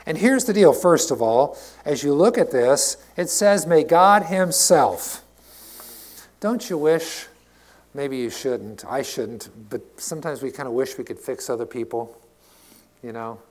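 A middle-aged man, a pastor preaching a sermon in a passionate, conversational way, swinging between loud emphatic lines and quiet asides. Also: medium pitch.

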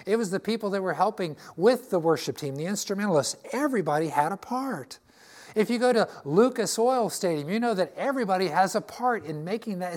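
A man's voice: high-pitched, darkish tone. Folksy older man preaching. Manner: folksy, joking, checks in with "okay?". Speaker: pastor. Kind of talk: sermon. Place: church sanctuary.

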